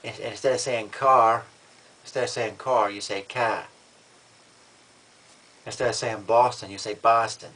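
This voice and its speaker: A vlogger talks to camera in a lowish, steady, slightly bright voice, delivered briskly on a rough recording. He comes across as matter-of-fact and defiant in this casual vlog, often restarting and repeating words.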